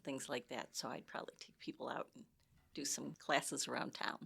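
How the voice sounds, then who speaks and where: A woman's voice: very deep voice, steady tone, normal speed, creaky, fairly bright tone, slightly rough. A woman from Michigan, a guest in a casual interview, explaining things in a chatty, friendly way with restarts. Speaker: community education guest.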